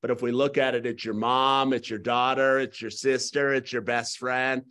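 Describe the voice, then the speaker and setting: A middle-aged man teaching a live real estate class, talking in a folksy way and telling stories with quick asides. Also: medium pitch, little pitch movement, a bit bright. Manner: folksy, storytelling, rapid asides.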